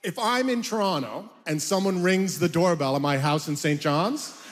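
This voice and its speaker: A middle-aged man, a stand-up comedian, telling an animated, self-mocking story in an interview and laughing as he goes. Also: on the high side, normal speed, big-room sound.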